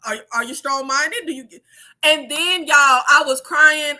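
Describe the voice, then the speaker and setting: A woman in her thirties chatting casually on a livestream in an animated way, swearing freely, laughing and using many fillers. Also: high-pitched, normal speed. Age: 30s. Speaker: YouTube creator.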